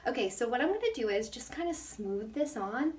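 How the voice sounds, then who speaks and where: Young woman, casual tutorial vlogger, chatty and self-deprecating, slightly breathless, fairly high voice, recorded off-mic in an echoey bathroom. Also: big pitch swings, a little fast, a little mellow, recorded from a distance. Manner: chatty and self-mocking, laughs often. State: out of breath from the heat. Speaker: hair care vlogger. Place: hot bathroom.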